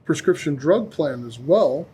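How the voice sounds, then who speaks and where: Man with a higher voice, animated storytelling. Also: a little slow, a little hiss or hum. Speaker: company CEO and podcast host. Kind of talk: casual podcast chat.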